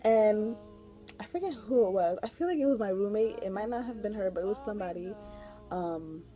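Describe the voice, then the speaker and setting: Mellow-voiced young woman telling a story. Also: medium pitch, expressive, fairly quick, faint music behind. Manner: rambling, chatty, fillers, giggles often. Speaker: vlogger. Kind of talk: casual storytime chat.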